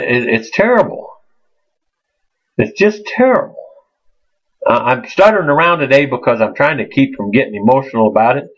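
A man preaching an informal sermon, earnest and halting, often repeating his words. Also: medium pitch, breathy edge. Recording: muffled lo-fi recording.

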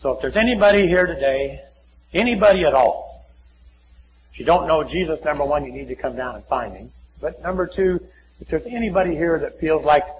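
A man preaching a folksy sermon in a church, often acting out little conversations and dropping to a hushed voice. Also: on the high side, a little fast, slight background noise, low-quality recording. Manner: folksy, acts out little dialogues, many drops to a hushed voice. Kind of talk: sermon with altar call.

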